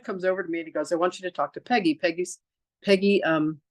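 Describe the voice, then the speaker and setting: Speaking fast in a fairly low, steady voice, a reverend who hosts a podcast recounts a personal story and plays out the dialogue. No echo is present. Her chat is casual and peppered with "like" and restarts.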